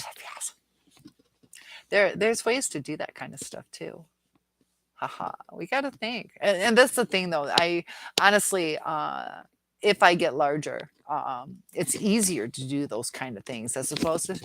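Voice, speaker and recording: Her voice is low and gravelly yet fairly bright as she rambles through a casual home livestream, full of fillers, reading out viewer comments and cooing at her dog. The host comes from the Detroit area, and a phone or webcam picks her up.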